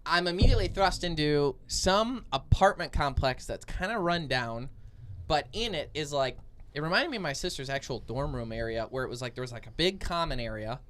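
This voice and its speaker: A man's voice: fairly high pitch, animated, fairly quick, fairly bright tone, slight background noise. A young man co-hosting a podcast, telling a long dream story in casual chat, full of fillers and restarts. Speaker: podcast co-host.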